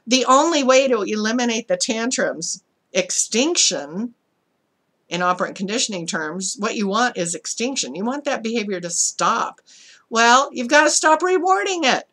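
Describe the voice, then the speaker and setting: A middle-aged woman gives a recorded psychology lecture in a relaxed, conversational manner. She laughs lightly at times and acts out the voice of an exasperated parent to make her points. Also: a little high, normal speed. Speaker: psychology instructor.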